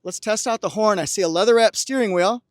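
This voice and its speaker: A man's voice: sits high, fast talker, no room sound, studio quality. A man doing an upbeat car walkaround review, pointing out features with playful asides and joking song quotes. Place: car dealership lot and car interior.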